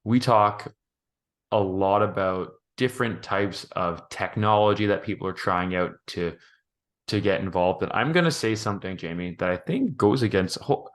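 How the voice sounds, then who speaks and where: A man co-hosting a podcast, thinking out loud in a rambling, thoughtful way with many restarts. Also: sits low, normal speed. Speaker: podcast co-host. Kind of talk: casual podcast chat.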